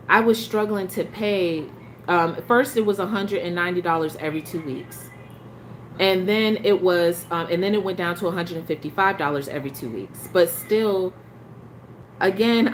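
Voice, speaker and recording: A woman's voice: mid-range voice, slight background noise. A woman telling her story as a parent in a casual vlog, frustrated and emphatic, with many restarts.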